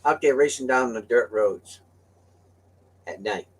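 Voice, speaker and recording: A man's voice: mid-range voice, a little slow, husky. An older man on a talk show, telling a rambling story with frequent laughs. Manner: rambling, laughs often, acts out voices in quotes. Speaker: show guest telling stories. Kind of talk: casual storytelling. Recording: voice a bit far from the mic.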